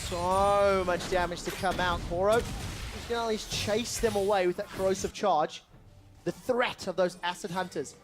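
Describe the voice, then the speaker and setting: A man's voice: high-pitched, steady tone, moderate pace, over music. A man calling esports play-by-play with energy, urging players on during fights. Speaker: esports commentator.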